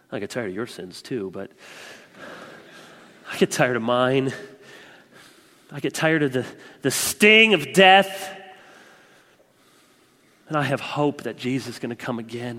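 A man in his thirties preaching a sermon, swinging between loud proclaiming and quiet, confiding asides. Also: mid-range voice, in a large hall. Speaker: pastor.

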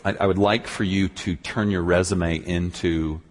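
Animated preacher telling a story in a reverberant hall. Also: male voice, normal speed. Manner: animated storyteller, swings from low and quiet to loud, high outbursts; stammering restarts. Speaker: pastor. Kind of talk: sermon storytelling.

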